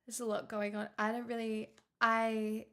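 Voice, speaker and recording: A woman's voice: a little high, level tone, normal speed, a bit bright. A woman streamer chatting casually with her viewers, flustered and giggly, thanking them in stop-start bursts. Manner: flustered, giggly, grateful, talks in stops and restarts. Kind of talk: casual live-stream chat.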